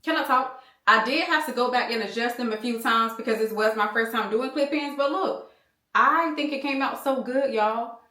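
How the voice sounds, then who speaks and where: This beauty vlogger is a woman in her thirties from the United States, chatting loosely with her audience and addressing them as y'all. Her voice sits on the high side, bright and forceful, at a normal speed. She films in a room at home on a small handheld camera, and the space sounds echoey.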